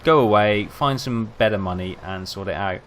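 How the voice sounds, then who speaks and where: A grumpy coin-refusing parking meter, as a man puts it on, curt and dismissive. It grumbles in a fairly low voice, a little louder than the speaker's own talk. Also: normal speed, slight background noise, close to an everyday voice. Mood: grumbling.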